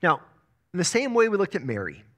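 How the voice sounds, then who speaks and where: A pastor delivers a sermon with emphatic energy, often repeating words as he builds a point. His voice sits somewhat high for a man and swings widely in pitch. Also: wildly swooping pitch, brisk, fairly bright tone.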